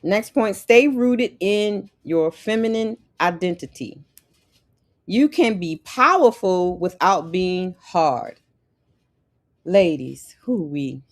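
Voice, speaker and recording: A woman's voice: fairly low pitch, lively intonation, takes it slowly. Sassy, emphatic woman giving life advice. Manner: emphatic, repeats key lines, sassy asides. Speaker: lifestyle podcast host. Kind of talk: motivational talk to women.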